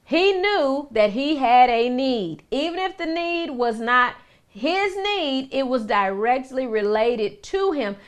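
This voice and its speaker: A woman minister with a high, light voice teaches scripture in a conversational way. She is middle-aged and keeps putting questions to her listeners. She often stops and restarts her sentences as she explains. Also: animated, slow pace.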